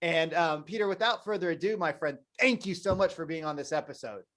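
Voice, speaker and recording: Chatty high-voiced male podcast host. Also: a little fast, fairly bright tone. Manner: enthusiastic, rambling, chatty. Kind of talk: casual interview intro.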